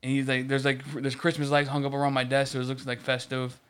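A man's voice: mid-range voice, monotone, fast, a bit bright, clean tone. Rambling man telling a work story. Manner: rambling storyteller, swears, many restarts. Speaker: podcast co-host. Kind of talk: casual chat.

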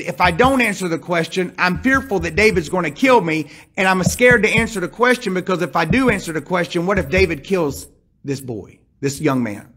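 A nervous male servant, caught between two fears, pleads in a husky, rough-edged voice, as a preacher puts him on. His words come hesitant and anxious, as if he dreads the question. The voice sits high for a man. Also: bright, forceful tone, exaggerated voice.

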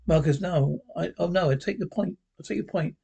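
A man's voice: on the high side, fairly quick, gravelly, mellow, slightly rough, heavily acted. A man reading the part of a fussy middle-aged male scientist, with a hesitant delivery that restarts lines.

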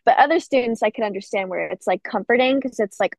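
A woman's voice: medium pitch, lively intonation, fast talker, few pauses, no echo. A young woman, a college student, chatting casually as a radio guest, filling her talk with "like". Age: young adult. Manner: chatty, says "like" a lot.

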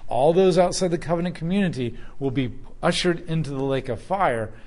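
Emphatic preaching man, higher voice. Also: a little fast, darkish tone. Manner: emphatic, repetitive, declarative preaching. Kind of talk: sermon teaching.

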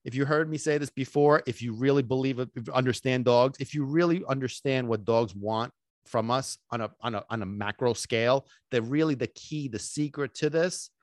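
A man hosting a solo podcast as a dog trainer, talking in an excitable, emphatic way and dropping in Sicilian phrases and casual swearing. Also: mid-range voice, moderate pace, no echo, clean studio sound. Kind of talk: energetic solo podcast talk.

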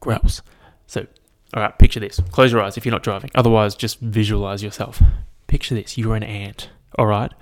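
A young man hosts his own podcast solo. His voice sits a little low, and he talks in a loose, unscripted way, swearing freely and leaning on fillers as he rants and spins a silly story. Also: fairly even intonation, brisk, few pauses. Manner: casual and profane, lots of fillers. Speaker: podcast host.

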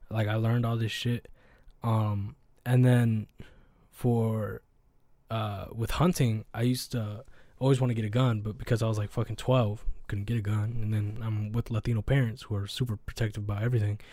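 A young podcast host with a fairly low, slightly mellow voice tells stories in casual chat, recorded dry. He rambles in a slangy, profane way, leaning on lots of fillers.

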